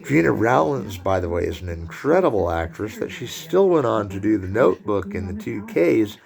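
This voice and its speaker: A man's voice: on the low side, very animated, moderate pace, creaky, darkish tone. A man lecturing on film in a loose, rambling way, drifting into digressions and asides. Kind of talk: unscripted lecture.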